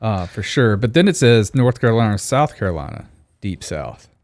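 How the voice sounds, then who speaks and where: A man, co-hosting a podcast in a relaxed chat and cracking quick jokes. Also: fairly low pitch, no echo. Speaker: podcast co-host. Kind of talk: casual chat.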